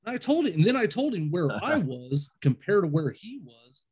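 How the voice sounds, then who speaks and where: A man with a high-pitched, very animated voice, darkish and slightly rough, tells ghost stories at a moderate pace. Chatting casually, he rambles, acts out quoted dialogue and calls himself a skeptic and an overthinker.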